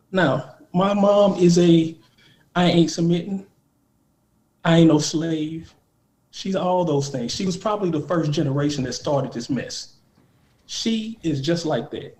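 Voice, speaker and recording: A man in his forties on a heated panel debate, telling a story in an insistent, animated way. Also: a little high, echoey room. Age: 40s. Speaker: panel guest.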